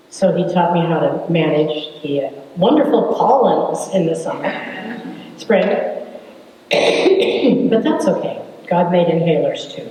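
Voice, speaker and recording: Woman, 70s, storyteller, wry, low mellow voice, distant mic, long hall reverb. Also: expressive, a little slow, long pauses, a little hiss or hum. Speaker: speaker telling family story. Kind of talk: storytelling talk to an audience. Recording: echoey hall from far off.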